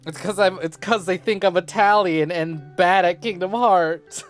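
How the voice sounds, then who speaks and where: A man's voice: fairly high pitch, a little fast, few pauses, soft background music. A young man streaming live, greeting his chat over and over and rambling jokily with lots of swearing. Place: home streaming setup.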